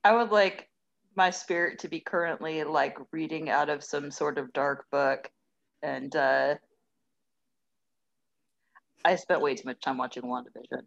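A woman co-hosting a podcast, chatting casually with wry, self-deprecating humor. Her voice sits a little low, and the recording is dull and lo-fi. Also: fairly even intonation, normal speed, creaky. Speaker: podcast co-host. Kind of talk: casual chat. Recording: slightly dull lo-fi sound.

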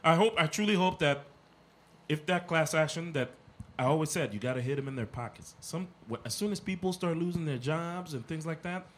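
A man's voice: fairly high pitch, brisk. A man, animatedly retelling a run-in in casual chat, acting out the voices. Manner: animated, acts out dialogue in anecdotes.

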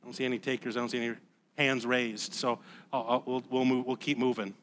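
A man preaching a sermon as pastor, conversational and emphatic, dropping to a hush and then rising loud, often repeating words. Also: mid-range voice, little pitch movement, fast talker, slight background noise. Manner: emphatic, swings from hushed to loud.

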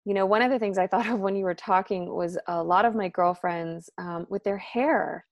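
A woman talking casually as a podcast guest, animated and full of "like" and "um", acting out what her friends said. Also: moderate pace, no echo, lo-fi sound. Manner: animated, acts out quoted friends with pitch jumps; filler-heavy, frequent "like" and "um". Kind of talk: casual conversation.

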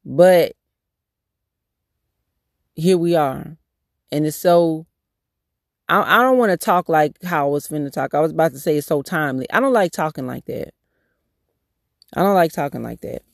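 A man's voice: on the high side, moderate pace, vocal fry, long pauses, no echo, studio quality. A man hosting a devotional podcast, praying in a repeated cadence and talking casually with restarts. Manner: repetitive prayer cadence. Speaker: podcast host. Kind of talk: prayerful devotional podcast talk.

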